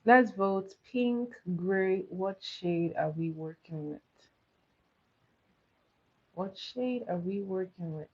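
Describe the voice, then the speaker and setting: A woman talks casually as she does her makeup on a livestream, answering viewers and calling out playful votes. Her voice sits a little low and dark, and she speaks slowly. The sound is dull and lo-fi. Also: slightly rough. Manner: chatty, reads and answers viewer comments, runs playful votes. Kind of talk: casual livestream chat while doing makeup.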